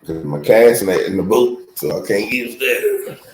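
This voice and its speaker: A man co-hosts a casual chat in a laid-back drawl, his voice lowish and animated at a measured pace. It's recorded in an echoey room with faint noise.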